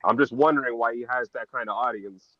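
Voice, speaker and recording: A man's voice: mid-range voice, quick pace, no room sound. A man calling in from outdoors on an earphone mic, talking hesitantly with many fillers. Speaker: panel guest. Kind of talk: casual panel chat. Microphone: earphone mic on a call. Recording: distant dull earphone call audio.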